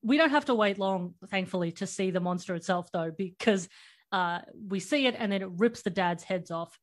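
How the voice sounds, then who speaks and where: A woman hosts a podcast in relaxed, casual conversation. Her voice sits at a middle pitch, and she recaps scenes with a chatty lilt, often laughing as she goes. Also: normal speed. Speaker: podcast host. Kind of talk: casual movie chat.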